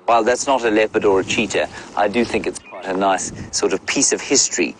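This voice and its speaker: A man's voice: fairly low pitch, fairly quick, slight background noise, poor audio. A middle-aged man working as a safari guide, chatting live outdoors in a wry, wordy way and answering viewer questions. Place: outdoors in the bush beside a safari vehicle.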